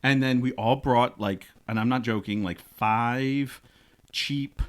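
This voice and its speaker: A middle-aged man from Rhode Island hosting a podcast in casual chat, often laughing and slipping into silly voices. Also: slow. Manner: animated, jumps into high silly voices when quoting, laughs often. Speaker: podcast host.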